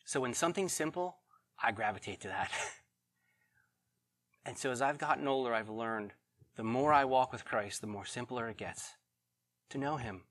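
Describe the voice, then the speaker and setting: Middle-aged man, pastor, sermon, animated, loud then hushed. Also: medium pitch, normal speed, pauses often.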